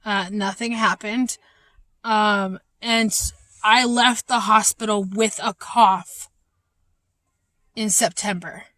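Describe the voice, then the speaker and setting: A young woman giving a candid, halting home vlog update with many fillers, troubled by an ongoing cough and short of breath. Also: medium pitch, fairly even intonation, pushed and bright, no room sound. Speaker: vlogger. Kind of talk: casual personal update.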